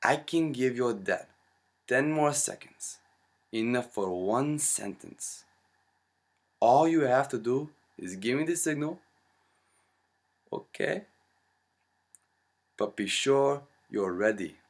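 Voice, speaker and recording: A man voicing a laid-back Rasta doctor who drawls in a relaxed lilt and calls people man. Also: mid-range voice, slow, long pauses, voice pushed up. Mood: easygoing.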